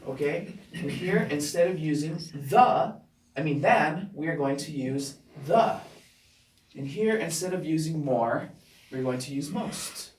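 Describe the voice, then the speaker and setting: A male teacher with a slightly high voice leads a classroom grammar lesson at a very slow, deliberate pace, stopping after almost every point to check that students follow. He is picked up from a distance in a roomy, echoing classroom with a faint hiss behind him. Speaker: English teacher.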